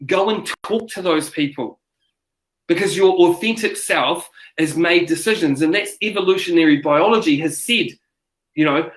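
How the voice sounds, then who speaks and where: A man, a speaker coach chatting as an interview guest, telling stories animatedly with frequent restarts. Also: a little high. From New Zealand. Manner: animated storyteller, acts out quotes, many restarts. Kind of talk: casual interview chat. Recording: roomy echo.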